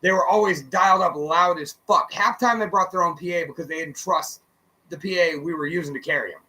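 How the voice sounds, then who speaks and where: A man with a high, bright, ringing voice tells stories on a radio talk show. He is loose and profane, and he slips into the voices of the people he quotes. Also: fairly quick, low-quality recording. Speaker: co-host and musician. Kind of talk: casual radio chat, storytelling.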